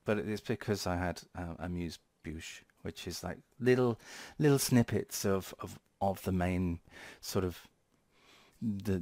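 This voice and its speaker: A man's voice: on the low side, darkish tone, no room sound. A man hosting a tech channel, chatting casually in a rambling, playful way with frequent self-corrections. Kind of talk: casual vlog commentary.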